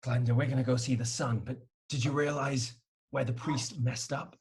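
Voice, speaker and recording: A man's voice: mid-range voice, little pitch movement, normal speed, darkish tone, a little hiss or hum, lightly acted. A man playing a bumbling, blunt detective in a live improv comedy. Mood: bossy. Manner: bossy and blunt. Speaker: improv performer.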